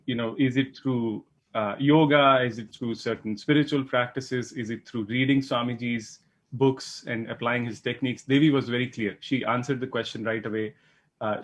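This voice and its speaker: A man in his own plain voice, pitched around the middle, tells his story as a guest on a live show. He talks in an earnest, halting way, pausing and restarting as he goes. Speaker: guest sharing a testimony.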